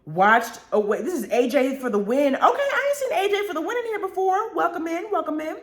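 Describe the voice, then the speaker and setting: A woman's voice: extremely high pitch, very animated, a little fast. A young adult woman hosting a casual live radio show, talking expressively, laughing often and drawling words like honey and y'all. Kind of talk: casual live-stream chat reading viewer comments. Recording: roomy echo.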